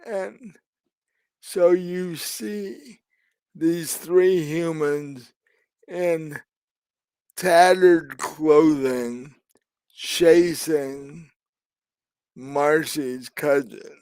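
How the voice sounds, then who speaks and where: Game master guy narrating, really slow, lots of ums, dry room. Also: a little high, darkish tone, clean tone, dry recording. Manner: hesitant, many ums and restarts.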